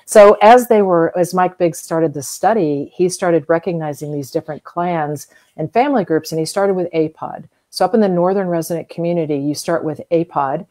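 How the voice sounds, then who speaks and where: A woman's voice: fairly low pitch, moderate pace, few pauses, warm tone. A middle-aged woman from the US South, a guest expert in an interview, explaining at length in a chatty way with everyday comparisons and frequent fillers. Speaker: whale museum guest expert.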